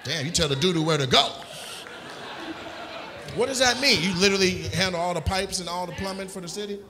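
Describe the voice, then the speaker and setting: A male stand-up comedian doing crowd work, loudly teasing audience members and often breaking into shouts and laughter. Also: high voice, a little fast. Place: comedy club stage. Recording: echoey club room with audience noise.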